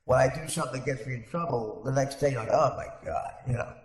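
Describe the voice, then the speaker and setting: A man's voice: mid-range voice, quick pace. A man hosting a podcast in casual chat, rambling with frequent restarts. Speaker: podcast host. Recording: echoey room with long reverb.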